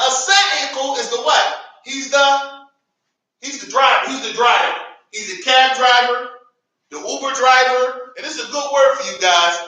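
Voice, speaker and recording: A man's voice: very high-pitched, sharp tone. An American man teaching an Arabic grammar class, calling on students and having them repeat words after him. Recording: echoey classroom, from far off.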